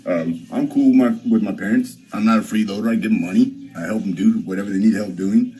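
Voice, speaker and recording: A young man hosting his own livestream, telling a story in a rambling, profane way with lots of halting restarts. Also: on the low side, dark tone, slightly rough, faint music behind, rough recording. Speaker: livestream host. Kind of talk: casual livestream chat.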